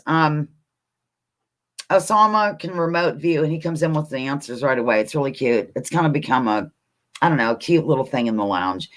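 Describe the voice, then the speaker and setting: A woman hosting a live trivia stream from her computer, chatting with viewers and reading answers aloud. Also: deep voice. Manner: chatty, narrates her own actions, excitable. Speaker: livestream host running a trivia game. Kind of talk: casual live-stream chat.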